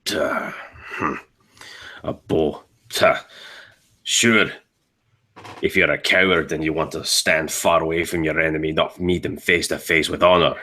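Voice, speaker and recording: A man voicing a proud, gruff male dwarf warrior with a Scottish accent, blustering and scoffing. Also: extremely low pitch, steady tone, measured pace, long pauses, pushed and bright, heavily acted.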